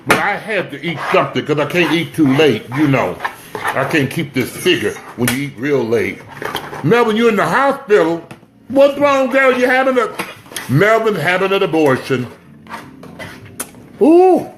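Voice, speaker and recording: Indoors at home, a male livestream host chats casually with viewers in a fairly high, sing-song voice at normal speed. He shouts out people by name and urges them to share, with slight background noise audible.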